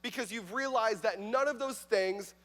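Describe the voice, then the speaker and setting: High-voiced youth pastor, chatty. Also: male voice, normal speed, a bit bright. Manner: chatty, joking, many likes and fillers. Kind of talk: youth sermon. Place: church youth service. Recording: reverberant church hall.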